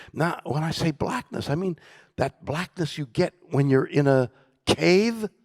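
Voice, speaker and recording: Older male keynote guest, theatrical storyteller with a lively, swooping delivery and a dry close sound. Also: on the high side, creaky, husky, dry recording. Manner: theatrical, swings from loud bursts to hushed whispers. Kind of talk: dramatic storytelling conversation. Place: conference stage.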